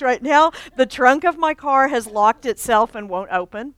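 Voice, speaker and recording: A woman delivers a sermon through a personal anecdote, animated and quick to laugh. Her voice sits a little high and comes across smooth and clear. The sound is close and dry. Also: no room sound. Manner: animated storytelling, laughs often. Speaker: church staff speaker.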